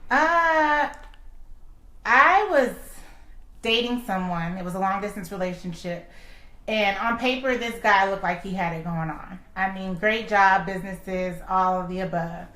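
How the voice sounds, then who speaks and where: A woman's voice: medium pitch, unhurried, fairly bright tone, echoey room, poor audio. A woman guest telling her own love story, acting out quoted dialogue with laughs. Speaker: interview guest.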